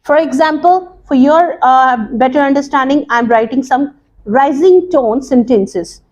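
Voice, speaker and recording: A woman English teacher explaining a lesson to students, slowly and deliberately, with many pauses and repeats. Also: sits high, a little mellow. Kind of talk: recorded classroom lesson.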